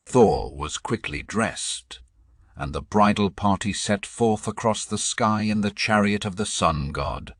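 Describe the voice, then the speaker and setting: Slow, deep-voiced male audiobook narrator. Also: dry recording, clean studio sound. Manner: measured, dramatic reading. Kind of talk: storybook narration.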